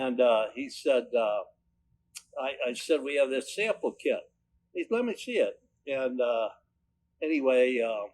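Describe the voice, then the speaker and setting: A man's voice: medium pitch, a little mellow, low-quality recording. Older man telling rambling business stories. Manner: rambling storyteller, many restarts and "but anyway". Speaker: company owner. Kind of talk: recounting personal anecdotes.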